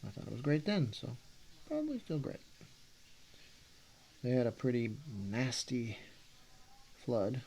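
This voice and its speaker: A man's voice: mid-range voice, very animated, measured pace, vocal fry, pauses often, dark tone, slight background noise. A man in his forties from Texas with a Texas accent, talking casually in a meandering, self-correcting way on a vlog. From Texas, USA. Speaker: artist vlogger.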